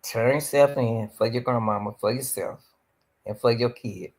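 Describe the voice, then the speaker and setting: A woman's voice: a bass voice, normal speed, darkish tone. A woman hosting a reaction stream, pleading and preaching as she comments on a video, often calling out to the Lord.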